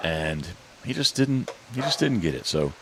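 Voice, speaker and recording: Animated man telling a hunting-dog story. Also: low voice, normal speed, noisy background. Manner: animated storyteller, repeats words, frequent restarts; acts out other people's lines in hushed or shifted tones. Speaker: podcast host and dog handler. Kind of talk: casual podcast chat.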